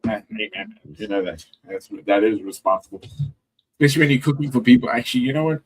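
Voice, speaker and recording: A man's voice: on the low side, fast, breathy edge, rough recording. A man chatting as a guest on a live stream, laid-back and rambling, swearing freely. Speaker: panel guest. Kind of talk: casual chat.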